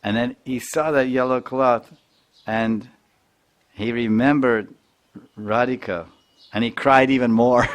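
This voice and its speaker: A man, a spiritual teacher, narrating a devotional story in an animated lecture. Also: mid-range voice, slow, long pauses.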